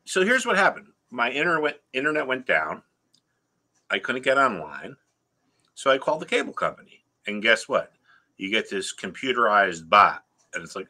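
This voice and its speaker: Animated middle-aged man ranting. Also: mid-range voice, normal speed. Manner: exasperated storytelling, lively and animated. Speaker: stock trading educator. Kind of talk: casual ranting vlog and trading lesson.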